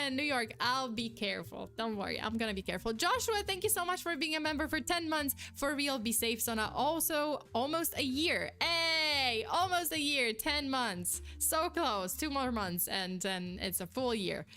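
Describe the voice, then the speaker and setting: Animated, giggly young woman streamer. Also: high-pitched, faint music behind. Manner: animated, giggly, quick reactions. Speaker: streamer reading chat. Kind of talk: casual live-stream chat.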